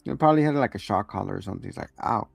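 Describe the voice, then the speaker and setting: A man's voice: on the low side, expressive, very fast, creaky, husky, no echo, faint music behind. Casual swearing man recapping an episode. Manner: loose, profane, full of acted quotes. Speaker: host.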